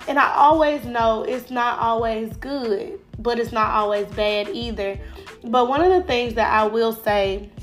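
A woman talks through a faith-based motivational podcast, her fairly high voice stuffy from a cold. She speaks casually and encouragingly, leaning on fillers. Faint music plays underneath. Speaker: podcast host.

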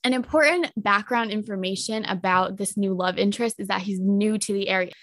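A young woman cohosts a chatty podcast and tells a story at a quick clip, full of fillers. She acts out what people said with lively jumps in pitch. The mic sounds close and dry. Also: no room sound. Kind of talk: casual storytelling chat.

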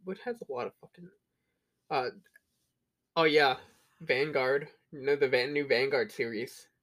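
A young man co-hosting a podcast who tells animated stories and swears a lot. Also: medium pitch, measured pace. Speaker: podcast co-host. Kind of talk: casual crude banter.

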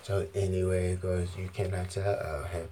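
A man's voice: sits low, level tone, moderate pace, dark tone, slight background noise. A man on an arena stage giving a profane, free-associating monologue into a handheld mic. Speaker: stage performer. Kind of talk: rambling freestyle monologue.

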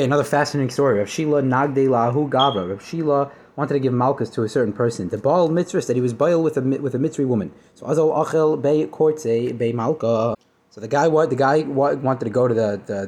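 A man giving a casual Talmud lesson, reading passages and retelling them with animated storytelling, often restarting and correcting himself. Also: medium pitch, a little fast. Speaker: Talmud teacher.

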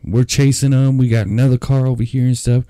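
A man's voice: mid-range voice, little pitch movement, a little fast, dark tone, no room sound, studio quality. A man casually retelling a scary personal story in a rambling, profane way.

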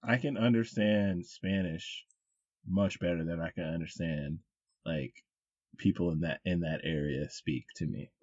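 A man's voice: low-pitched, measured pace, a little mellow, no room sound, dull audio. A man co-hosting a podcast in laid-back casual chat, making dry remarks. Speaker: podcast co-host.

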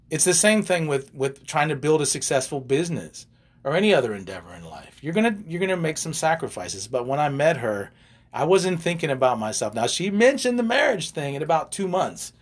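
Husky, animated older man telling stories. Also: mid-range voice. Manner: animated, wanders into side stories and jokes. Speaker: relationship coach and co-host. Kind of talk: casual storytelling chat.

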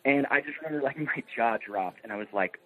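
Producer guy on a podcast, all excited, laughing through his story, phone-line sound. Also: medium pitch, quick pace. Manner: enthusiastic, laughs while telling stories. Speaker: film producer guest. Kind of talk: casual podcast chat.

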